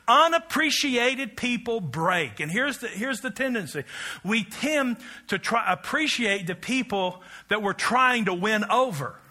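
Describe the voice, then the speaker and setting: A middle-aged male preacher with a high, brilliant, ringing voice. He preaches emphatically and has the congregation repeat phrases back to him. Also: animated, a little slow, bright, forceful tone. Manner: emphatic, call-and-response with congregation. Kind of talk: sermon.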